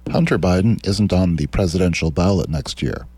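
A man's voice: deep voice, fairly quick, dark tone, breathy edge, no room sound. A man hosting a radio talk show, reading quotes aloud and answering them with sardonic, mocking political commentary. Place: radio studio.

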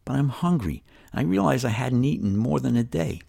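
A man's voice: medium pitch, animated, normal speed, creaky, dark tone. An older man with a New York accent telling his life story in a folksy, conversational way, talking straight to the listener. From New York City. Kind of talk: storytelling narration.

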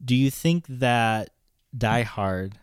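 A man's voice: medium pitch, slow, smooth, no room sound, studio quality. A man co-hosting a casual podcast, swearing and ranting with strong opinions. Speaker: podcast co-host.

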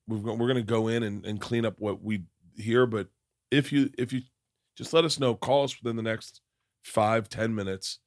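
A man's voice: medium pitch, no echo, clean studio sound. A man hosting a podcast, telling long rambling stories with many restarts and acting out the people he quotes. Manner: rambling storyteller, acts out quoted voices; frequent restarts. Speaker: podcast host. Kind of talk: casual chat.

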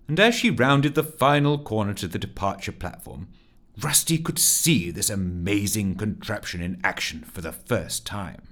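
A man narrating a comic story as an audiobook, with expressive storytelling. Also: on the low side.

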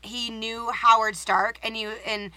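Bright-voiced woman chatting casually. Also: a little high, a little slow, dry recording, poor audio. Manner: animated, swears freely, mimics characters. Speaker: podcast co-host. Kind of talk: casual movie recap chat.

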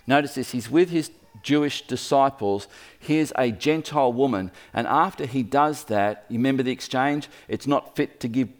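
A man preaching a sermon in a lively storytelling manner, speaking to the room as he points at a map. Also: mid-range voice, normal speed. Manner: lively storytelling, acts out quoted voices.

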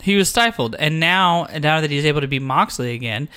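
Man, podcast co-host, higher voice, very lively pitch, excitable, swears a lot. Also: fairly quick, smooth. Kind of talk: casual chat.

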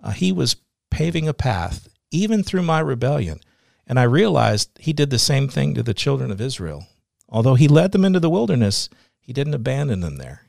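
A man's voice: medium pitch, very animated, brisk, creaky, darkish tone, dry recording, clean studio sound. A middle-aged man, a radio host as guest, telling his faith story in an earnest, reflective way. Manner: earnest, reflective, laughs easily.

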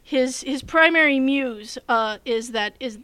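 Casual high-voiced woman, game master type, rambly story with lots of uhs. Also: measured pace, bright, forceful tone, dry recording. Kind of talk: casual chat.

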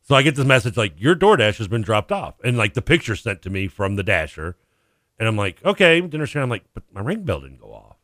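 On a radio sports talk show recorded with a studio microphone, a male co-host with a fairly low, bright voice tells a long, funny story in casual conversation. He talks fast with big pitch swings, imitates the people he quotes and laughs a lot. The studio-quality sound has no echo.

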